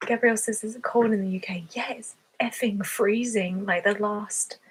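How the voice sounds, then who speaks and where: On poor audio, a woman with a steady, husky mid-range voice talks at a normal speed. She's an ASMR creator from southern England, casually fielding viewer questions on her livestream with lots of giggles and fillers.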